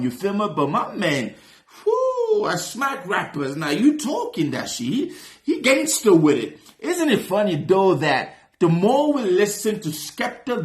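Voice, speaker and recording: Excitable high-voiced man in an echoey room. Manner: animated, slangy, breaks into shouts of excitement. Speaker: reaction video host. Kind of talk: casual commentary reacting to a rap track.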